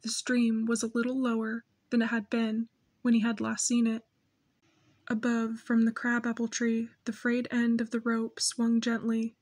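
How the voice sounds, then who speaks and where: A woman reading a novel aloud in steady, measured scripted narration. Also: a little high. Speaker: audiobook narrator.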